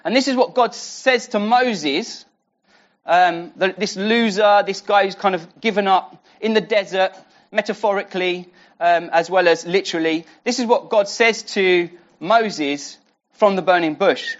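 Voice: medium pitch, measured pace. Conversational preacher on a dull lo-fi recording. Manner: conversational, with frequent restarts and rhetorical questions. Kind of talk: sermon teaching a Bible passage.

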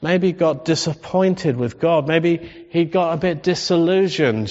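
A man preaching a sermon in a conversational style that rises into animated emphasis. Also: fairly high pitch, measured pace, hardly any pauses. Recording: dull sound with long hall reverb.

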